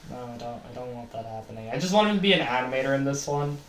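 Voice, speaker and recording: A woman's voice: rumbling low, animated, rapid-fire. A woman co-telling a fan story role-play, blunt and swearing casually. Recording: echoey room.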